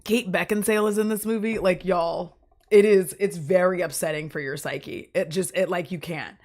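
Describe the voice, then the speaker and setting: Woman streamer, under the weather, coughy lowered voice, loose rambling chat, lots of fillers and laughs. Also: steady tone, normal speed, a little mellow. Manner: rambling and chatty, laughs often, many fillers. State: sick with a cough and deepened voice. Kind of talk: casual stream chat with viewers.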